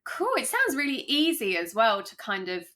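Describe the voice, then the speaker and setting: Woman, podcast co-host, higher pitch, very bright tone, curious questioner. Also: big pitch swings. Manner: curious, asks quick questions. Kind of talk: casual interview chat.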